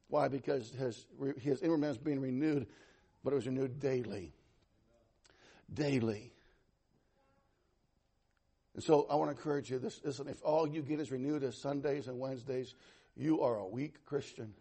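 A man preaching a sermon as pastor, animated and conversational, swinging from loud to soft with some self-deprecating humor. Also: medium pitch, normal speed, pauses often, breathy edge.

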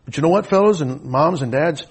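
A middle-aged man preaching a sermon, telling a personal story with deep emotion, swinging between loud and hushed. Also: animated, fairly quick, slightly rough.

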